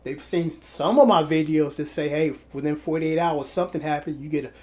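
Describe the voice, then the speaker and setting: In this casual direct-to-camera vlog, an online seller who hosts his own channel talks to his buyers, worn out from lack of sleep. His voice is on the high side and a little fast, and he rambles, repeating words and starting over.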